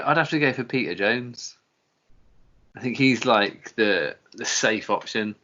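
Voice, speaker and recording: A man's voice: fairly low pitch, lively intonation, measured pace, bright, forceful tone. A man hosting a podcast in casual, rambling chat, swearing and laughing as he goes. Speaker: podcast host. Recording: dull lo-fi podcast audio.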